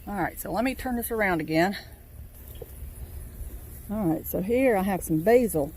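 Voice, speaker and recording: Woman from Virginia, farm vlogger, warm mellow tone, chatty and rambling, outdoor phone recording. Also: mid-range voice, lively intonation, normal speed, a little hiss or hum. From Virginia, USA. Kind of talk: casual garden tour. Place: outdoor vegetable garden.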